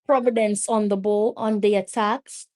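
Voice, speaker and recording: Excitable woman commentating a live match. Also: mid-range voice, normal speed. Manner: chatty, breaks into loud exclamations at the play. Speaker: watch-along match commentator.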